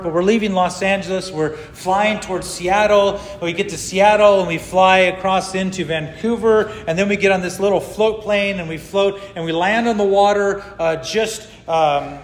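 A middle-aged man from California preaching a sermon, telling a personal story and acting out the people he quotes. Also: sits high. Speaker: pastor. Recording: long hall reverb.

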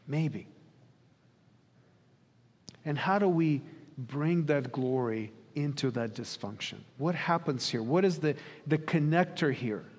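A man preaching a sermon in an earnest, questioning way, sometimes acting out quoted dialogue. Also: mid-range voice. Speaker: pastor. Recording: long reverb of a hall.

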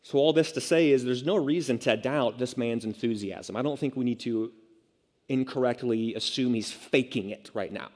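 A man's voice: mid-range voice, normal speed, darkish tone. A man preaching a sermon in a conversational way, with self-mocking asides and acted-out quotes. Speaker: pastor. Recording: long reverb of a large hall.

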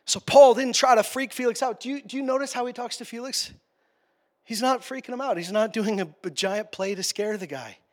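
High-voiced passionate male preacher. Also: fairly quick. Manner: passionate, swings from quiet to loud. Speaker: pastor. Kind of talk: sermon.

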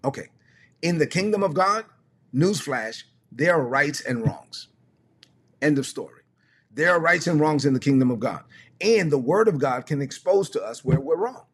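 A man's voice: fairly high pitch, animated, moderate pace, husky. A man preaching a livestreamed teaching sermon, emphatic and conversational, repeating his key phrases.

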